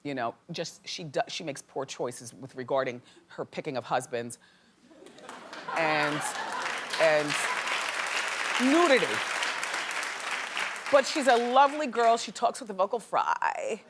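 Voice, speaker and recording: A woman talk show host giving an animated, opinionated gossip monologue to a studio audience. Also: low voice, unhurried, long pauses, a crowd in the background, background noise.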